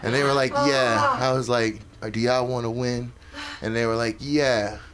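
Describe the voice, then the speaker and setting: A man doing open mic stand-up, telling a profane story and shouting when he acts out angry parents. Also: mid-range voice, steady tone, moderate pace. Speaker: stand-up comic. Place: comedy club stage. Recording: noisy club crowd. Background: audience reactions.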